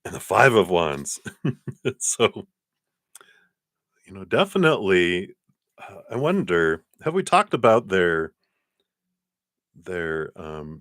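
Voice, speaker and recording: Low-voiced, chatty man reading tarot. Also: no room sound, studio quality. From lives in Colorado. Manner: chatty, laughs often, animated storytelling. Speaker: tarot card reader. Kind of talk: live-streamed tarot reading.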